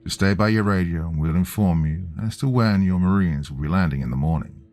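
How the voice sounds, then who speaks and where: A cheerful radio operator with an Australian accent, voiced by a man. He talks in a brisk, upbeat, official way. The voice is deep, with soft music faintly behind. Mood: breezy.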